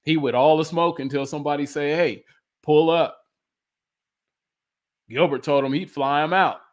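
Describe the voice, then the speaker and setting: A man's voice: a little high, fairly even intonation, fast talker. Heated, profane man ranting. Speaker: podcast co-host. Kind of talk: casual chat.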